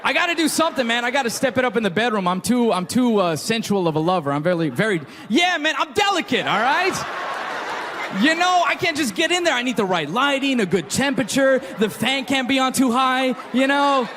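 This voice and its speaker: A man's voice: extremely high pitch, very animated, fairly quick. A man doing wry, self-mocking stand-up comedy. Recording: live stage, loud crowd and noise.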